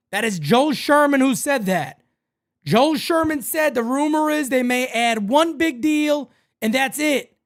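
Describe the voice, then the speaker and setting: A man hosting a fan live stream, ranting about sports in a loud, excitable way. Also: extremely high pitch.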